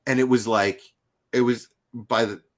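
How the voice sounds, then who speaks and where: A middle-aged man chatting casually on a podcast, telling lively food stories and slipping into quick mimicry. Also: medium pitch. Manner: animated storyteller, mimics accents in passing. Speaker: podcast co-host. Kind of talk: casual chat.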